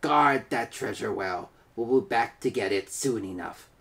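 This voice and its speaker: A man voicing a gruff bearded male pirate captain with a raspy voice, in a children's picture book reading. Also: medium pitch, animated, unhurried, fairly bright tone.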